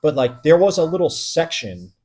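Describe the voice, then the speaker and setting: A young man co-hosting a podcast, telling a story casually, swearing a lot and getting animated as he recounts being frightened. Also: a little high, normal speed, a little hiss or hum. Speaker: podcast co-host.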